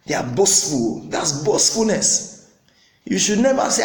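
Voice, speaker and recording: A man's voice: high-pitched, big pitch swings, a little slow, echoey room, rough recording. A man preaching a sermon as pastor, emphatic, repeating phrases and acting out quotes.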